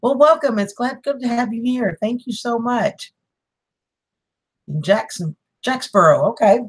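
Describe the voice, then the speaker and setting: A woman's voice: fairly high pitch, lively intonation, a little slow, husky. A woman, hosting a casual livestream, chatting with viewers, greeting them by name and laughing often. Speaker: livestream host.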